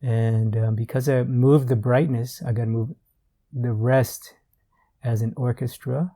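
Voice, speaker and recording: A man giving a relaxed art tutorial while he works, thinking aloud with fillers and repeated words. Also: medium pitch, unhurried. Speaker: art instructor.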